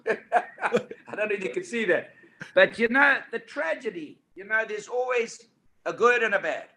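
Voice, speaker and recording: A man in his eighties with a South African accent, telling anecdotes as an interview guest in a lively, animated way. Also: high-pitched, unhurried, a little hiss or hum. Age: 80s. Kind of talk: storytelling interview. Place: indoor studio couch.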